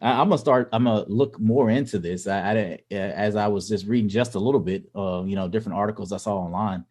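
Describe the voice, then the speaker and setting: Low-voiced rambling male podcast host. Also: fast talker, a little mellow. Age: adult parent. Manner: rambling, many restarts and filler phrases. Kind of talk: casual podcast chat.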